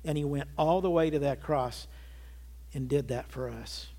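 A man's voice: medium pitch, moderate pace, warm tone. A man in his early sixties preaching a sermon, giving an earnest personal testimony that builds to emphatic peaks. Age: 60s. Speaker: pastor.

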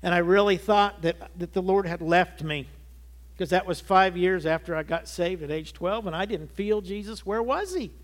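A man's voice: sits high, normal speed. A man in his early sixties preaching a sermon, giving an earnest personal testimony that builds to emphatic peaks. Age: 60s. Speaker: pastor.

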